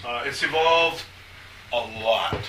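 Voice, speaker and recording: A man's voice: medium pitch, sharp tone. Older man, rambling, in an echoey room. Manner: rambling, halting, with many restarts. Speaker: speaker on church liturgy. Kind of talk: informal talk to a small group. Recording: echoey room from far off, faint hiss.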